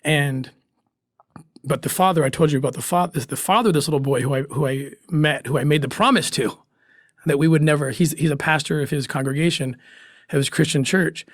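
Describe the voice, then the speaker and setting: A man recounts his past fieldwork as a guest in an interview, his voice a little higher than most men's. He is earnest and emotional, pausing and starting over as he goes. The sound is dry and close, with no room around it. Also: no echo. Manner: earnest and emotional, with restarts and pauses. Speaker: guest, former special agent. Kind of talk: personal story told in an interview.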